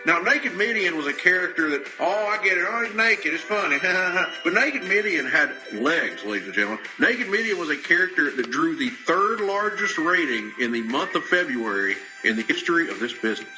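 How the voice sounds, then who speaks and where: A man's voice: a little high, lively intonation, normal speed, hardly any pauses, lightly acted, rough recording. A man doing an impression of an older wrestling announcer with a drawl, rambling and half singing comic parody lyrics over music. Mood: grumbling, crooning. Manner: drawling, rambling, with throat-clearing and hesitant "uh"s. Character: older male wrestling announcer, folksy and grumbling. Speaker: podcast host.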